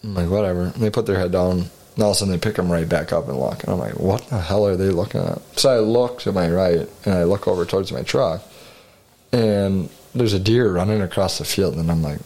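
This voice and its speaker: Man, very low voice, casual podcast chat, rambling hunting tale, swears often. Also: a little fast, warm tone. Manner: rambling storytelling, frequent swearing and laughs. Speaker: podcast co-host.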